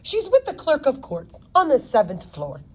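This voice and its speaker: A woman's voice: high-pitched, wildly swooping pitch, darkish tone, pitched above the performer's own voice. A woman voicing a polite, dapper male attorney with a British accent in an audiobook. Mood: friendly. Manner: polite, cheerfully brisk.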